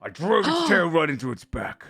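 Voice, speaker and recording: A man voicing a hulking male arena warrior who speaks in short, clipped, quiet sentences. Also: huge pitch swings, normal speed, creaky, slightly rough, no room sound, full character voice. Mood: gruff. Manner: terse, clipped, quiet and low.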